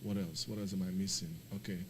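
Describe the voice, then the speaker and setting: A man's voice: deep voice, fast talker, background noise. A man streaming a flight simulator, chatting casually and talking himself through the setup, apologetic and rambling, getting emphatic and laughing when he rants. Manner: animated, emphatic when ranting, laughs often. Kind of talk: casual live-stream commentary.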